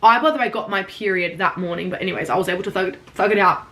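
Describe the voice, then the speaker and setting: Young woman, vlogger, rapid rambling storytime, lots of "like", casual swearing. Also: mid-range voice, pushed and bright. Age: young adult.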